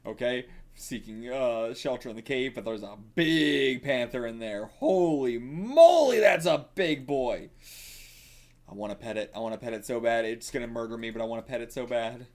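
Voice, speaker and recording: A man giving casual reaction commentary while reading manga, excitable and thinking aloud, with frequent swearing. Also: mid-range voice, brisk, hardly any pauses.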